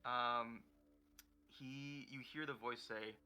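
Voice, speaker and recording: A man narrating as dungeon master in a tabletop game, pausing often with fillers. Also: mid-range voice, steady tone, bright, forceful tone, smooth, faint music behind. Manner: hesitant, many fillers while narrating.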